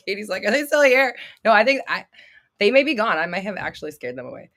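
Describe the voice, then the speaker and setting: A woman's voice: mid-range voice, very animated, brisk, fairly bright tone. A woman in her thirties hosting a livestream, answering viewers' questions with blunt, swearing, dramatic outbursts and laughter. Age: 30s. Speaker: host.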